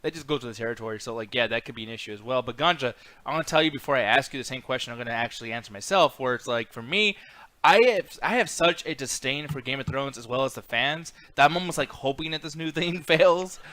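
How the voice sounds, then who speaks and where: Guy on a podcast ranting fast, bright sharp voice, dry sound. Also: mid-range voice, dry recording. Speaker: podcast co-host. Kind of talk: casual chat.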